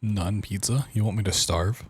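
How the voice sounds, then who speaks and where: A man's voice: on the low side, normal speed, breathy edge, no echo. A young man streaming a game, chatting casually and joking with viewers in a mock-dramatic way. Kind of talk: casual livestream chat while gaming.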